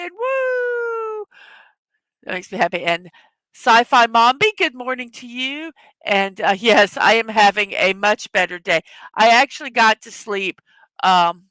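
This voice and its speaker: A woman's voice: medium pitch, pushed and bright, no echo. A woman hosting a casual livestream, chatting away, rambling with restarts and frequent laughs. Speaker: livestream host.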